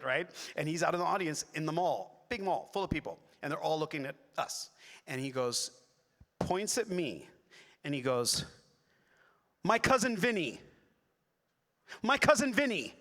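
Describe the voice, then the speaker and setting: On a convention panel in a large hall, a middle-aged voice actor with a slightly high voice tells rambling, excitable stories to the audience, full of restarts and asides. The echoey hall adds long reverb to the animated stage storytelling.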